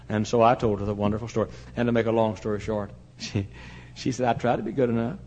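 A man's voice: on the low side, fast. An older man preaching a sermon, telling a story and acting out both sides of a conversation, laughing now and then. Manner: animated storyteller who acts out the voices in the story and laughs as he talks.

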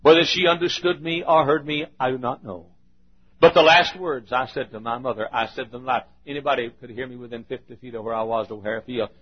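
An older man preaching a sermon, telling a personal story, moving from quiet storytelling to loud, emphatic bursts. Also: mid-range voice, a little fast, husky. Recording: dull lo-fi sermon recording.

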